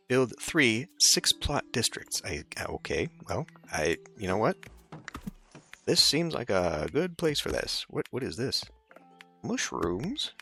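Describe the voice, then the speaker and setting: A man narrates his gameplay in a relaxed, chatty way, thinking aloud with lively swings in pitch. Soft game music hums faintly behind him. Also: slow, creaky. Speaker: let's play host. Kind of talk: casual gameplay commentary.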